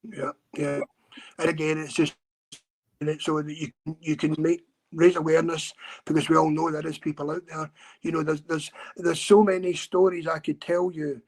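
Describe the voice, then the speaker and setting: A man from Scotland, a guest on a podcast interview, telling his story earnestly with many halting repeats and restarts. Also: a little high, flat delivery.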